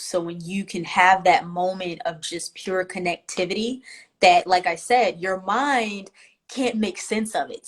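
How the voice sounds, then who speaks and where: Guest, woman, spiritual healer, heartfelt and emotional delivery, video call. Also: mid-range voice. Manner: emotional and warm-hearted, speaks in spiritual terms. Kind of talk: casual interview talk.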